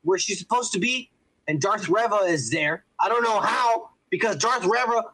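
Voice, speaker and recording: Podcast co-host, middle-aged man, husky voice, profane and joking. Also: sits high, expressive, moderate pace, pushed and bright, poor audio. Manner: crude, joking, swears a lot. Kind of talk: casual profane chat reading viewer comments.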